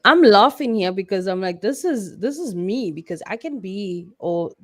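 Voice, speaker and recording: A woman and mother in a casual discussion, telling an animated story about herself. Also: mid-range voice, normal speed, no room sound, studio quality.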